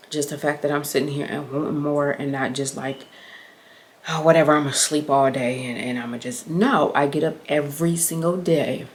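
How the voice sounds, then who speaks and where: A young adult woman with a notably low voice, chatting in a casual vlog. She talks earnestly and reflectively, wandering through her thoughts with plenty of ums and likes. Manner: earnest, reflective, rambling with many fillers. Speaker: vlogger. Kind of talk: casual advice chat.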